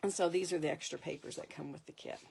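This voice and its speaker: A woman's voice: low-pitched, fairly even intonation, quick pace, vocal fry, a little mellow, a little hiss or hum. A middle-aged woman hosting a live paper craft demonstration, chatty, laughing often and correcting herself mid-sentence.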